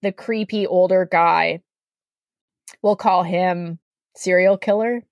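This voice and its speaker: Chatty Canadian woman with a gravelly voice. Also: lowish voice, slow pace, no echo, lo-fi sound. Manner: animated, acts out quoted voices, heavy use of "like". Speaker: podcast guest. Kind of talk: casual storytelling.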